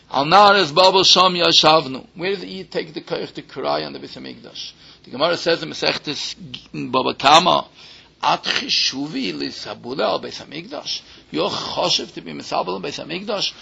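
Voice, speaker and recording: A man's voice: fairly high pitch, gravelly, pushed and bright, slightly rough. A man giving a Torah lecture as a rabbi, in a singsong study-hall cadence that rises to stress points. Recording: dull lo-fi recording.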